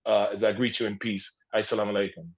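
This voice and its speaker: A man's voice: lowish voice, level tone, fast, fairly bright tone, rough recording. A man hosting a casual group call, encouraging and full of affirmations. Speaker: host. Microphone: online call.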